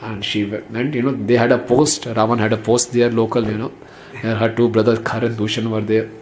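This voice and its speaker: A man giving a devotional storytelling lecture in a relaxed, conversational way, peppered with "you know" and chuckles. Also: on the low side, a little fast. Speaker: spiritual teacher. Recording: roomy echo, faint background noise.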